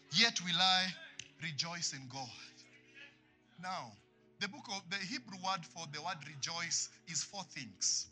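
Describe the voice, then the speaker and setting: A man preaching a sermon in church, swinging from loud passionate lines to hushed ones. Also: a little high. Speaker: pastor.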